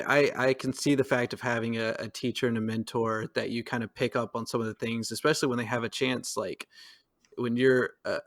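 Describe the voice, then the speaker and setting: A man with a medium-pitched, fairly bright voice co-hosts a podcast, talking casually about politics. He rambles and hesitates as he works through his views, with frequent fillers and laughs.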